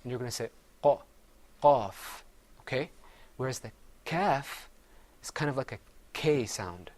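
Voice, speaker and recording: A man's mid-range, animated voice, at a moderate pace, guides a class through an Arabic pronunciation drill. He patiently says each letter sound and has the group repeat it, explaining the mouth positions step by step.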